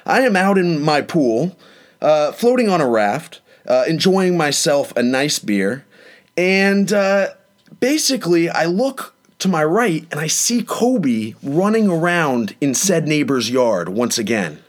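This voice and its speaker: Lively young man telling a story. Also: slow pace. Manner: animated, dramatic retelling with rising pitch on quotes. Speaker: host. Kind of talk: casual storytelling chat.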